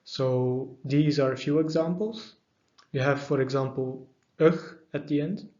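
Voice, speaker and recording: Man, mid-pitched voice, language lesson, calm methodical explanation, slightly dull audio. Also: a little slow. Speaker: language teacher. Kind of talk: explaining pronunciation in a lesson video.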